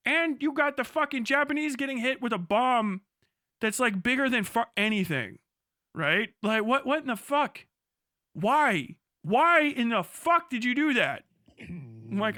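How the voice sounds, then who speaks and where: A very high-voiced man rants live in disbelief and swears through every line. His tone is bright and forceful. The recording is close and dry. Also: moderate pace, no echo. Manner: profane, incredulous, animated. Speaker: livestreamer. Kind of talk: crude reaction commentary.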